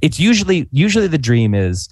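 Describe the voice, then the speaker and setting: A man in his forties telling an anecdote in animated, casual podcast chat, peppered with fillers. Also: a little high, dry recording. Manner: animated, fast-paced anecdote with frequent "like" fillers. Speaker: podcast guest, former comedy writer. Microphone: podcast microphone.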